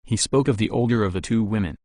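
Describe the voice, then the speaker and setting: A man narrating an audiobook in a measured, even reading. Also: on the low side, no room sound, studio quality. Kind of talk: scripted narration.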